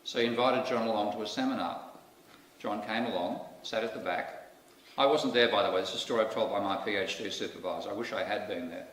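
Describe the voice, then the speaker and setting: The guest lecturer is an Australian man with a lowish, fairly bright voice who talks fast. His public lecture is wry, candid and peppered with asides. The sound comes from a distant mic in an echoey lecture hall, with faint noise.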